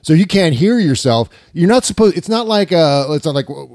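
Sarcastic male podcast co-host, animated delivery, dry studio mic. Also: a little high, fairly quick, no echo. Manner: sarcastic, mocking. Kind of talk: casual political podcast chat. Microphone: studio mic with headphones.

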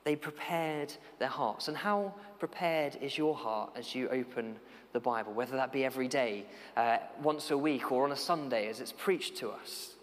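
A man's voice: medium pitch, moderate pace. A man preaching a sermon in an earnest, conversational way, asking many rhetorical questions of his listeners. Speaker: preacher and youth worker. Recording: long church-hall reverb.

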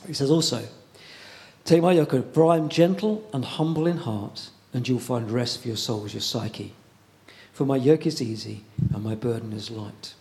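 A man preaching a sermon in a conversational way, pausing often and repeating words as he goes. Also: mid-range voice, a little mellow.

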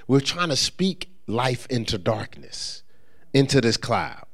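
A man pastor preaching a sermon, acting out quoted voices and slipping into a quiet storytelling tone for a personal story. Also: takes it slowly. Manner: animated preaching with rising emphasis and quoted voices; drops into a low, soft storytelling voice.

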